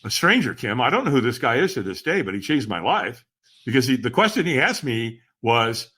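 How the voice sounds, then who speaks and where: A man, a podcast guest, telling a personal story in a lively, dramatic way and often addressing the host. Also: medium pitch, a little fast, breathy edge. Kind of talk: animated storytelling.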